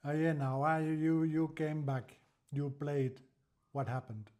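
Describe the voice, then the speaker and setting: A man's voice: on the high side, steady tone, slow, a little mellow. A man co-hosting a podcast in casual chat, cutting in with teasing remarks and urging the story along. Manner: teasing interjections, urges her to continue. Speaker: podcast co-host.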